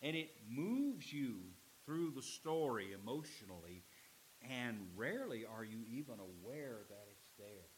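A middle-aged man preaching a sermon as pastor. He swings from loud, emphatic lines to low, quiet ones. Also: big pitch swings, unhurried, slight background noise, poor audio.

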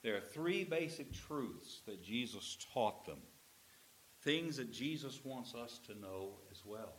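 A man's voice: mid-range voice, expressive, slow pace, fairly bright tone, slight background noise. A man preaching a sermon in an earnest, emphatic manner, stretching out key phrases.

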